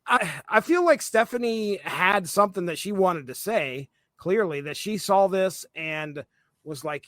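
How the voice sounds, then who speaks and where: A man's voice: high-pitched, lively intonation, measured pace, a bit bright, no echo. A man co-hosting a comics podcast in casual chat, rambling with many fillers and restarts. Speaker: podcast co-host.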